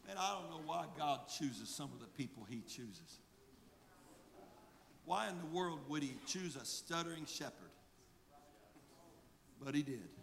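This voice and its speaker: A man with a Southern accent preaching a rhythmic sermon as pastor, swinging between hushed passages and shouted refrains. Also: on the high side, expressive, measured pace, gravelly, pauses often. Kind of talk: fiery sermon. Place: church sanctuary. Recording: long hall reverb, faint crowd and noise.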